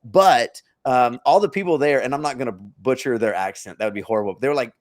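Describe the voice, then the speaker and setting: A man's voice: mid-range voice, lively intonation, quick pace, few pauses. A man co-hosting a podcast, telling a long story in a rambling, self-interrupting casual chat. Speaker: podcast co-host.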